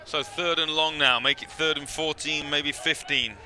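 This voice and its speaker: A British man giving play-by-play commentary on a football game, reading out stats and rising in pitch on the big plays. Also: steady tone, normal speed, bright, forceful tone, a little hiss or hum. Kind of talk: live sports commentary.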